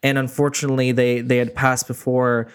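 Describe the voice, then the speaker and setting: Earnest man with a smooth voice. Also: medium pitch, level tone, a little fast. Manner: earnest storyteller, lays out points in order. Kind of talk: casual chat.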